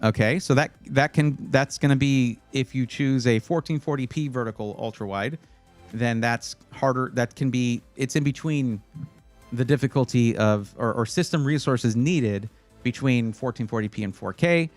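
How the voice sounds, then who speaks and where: A man's voice: mid-range voice, normal speed, soft background music. A man hosting a casual livestream, chatting with viewers and giving computer buying advice in a rambling, playful way. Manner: chatty, rambling, restarts phrases, playful with chat. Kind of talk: casual livestream chat reading viewer comments.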